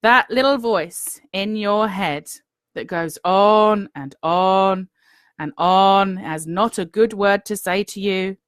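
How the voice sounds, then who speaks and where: This is a woman who coaches her viewers in a warm-hearted, earnest way, repeating her points and checking in with "okay?". Her voice sits at an ordinary middle pitch, and the recording is close and dry with no room sound. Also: slow, clear, resonant tone, no echo. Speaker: business coach. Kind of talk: motivational talk to viewers.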